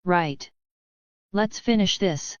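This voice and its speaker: A woman's voice: on the low side, takes it slowly, clean tone, no room sound, dull audio. A woman reading the part of a defiant teenage boy hero. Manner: tense, defiant. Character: angry young male hero with a haunted sword.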